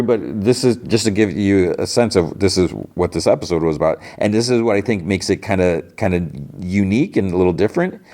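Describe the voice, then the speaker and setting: A man's voice: sits low, a little mellow. A man hosting a podcast, recapping an episode in a rambling casual way, full of fillers and restarts, briefly acting out quoted lines. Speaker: podcast host.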